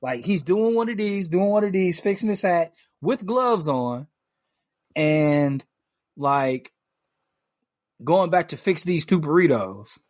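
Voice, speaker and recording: A man on a podcast, telling a story in casual chat, animated, full of fillers and restarts, swearing freely. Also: a little high, takes it slowly, no room sound, studio quality. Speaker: podcast co-host.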